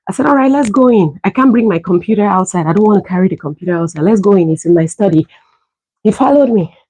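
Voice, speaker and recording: Husky-voiced woman telling a story. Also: medium pitch, no echo, low-quality recording. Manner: animated, laughs often, acts out dialogue. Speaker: livestream host. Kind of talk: casual storytelling.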